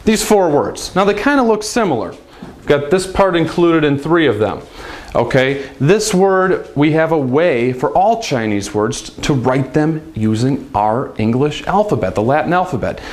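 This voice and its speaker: A man's voice: on the high side, sing-song, moderate pace. A man giving a casual, upbeat language lesson, chatty and demonstrating sounds with big swings of his voice. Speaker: language teacher.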